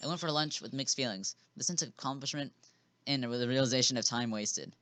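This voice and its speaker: A man's voice: mid-range voice, fast, sharp tone, slight background noise. Man reading a game story aloud. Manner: casual reading with chuckles and restarts. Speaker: game narrator. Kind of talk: reading a visual novel aloud. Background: background music.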